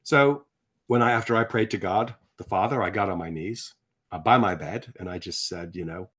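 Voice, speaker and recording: Older guy in his 60s telling his faith story, lowish voice, gets animated and acts stuff out. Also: moderate pace, breathy edge. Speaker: guest sharing his testimony. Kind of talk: conversational faith testimony.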